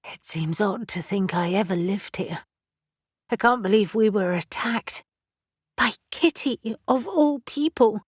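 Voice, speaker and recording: A woman's voice: on the low side, steady tone, unhurried, darkish tone, slightly rough, no echo, studio quality. A woman voicing a shaken, determined middle-aged woman who speaks in a tense, shaken way.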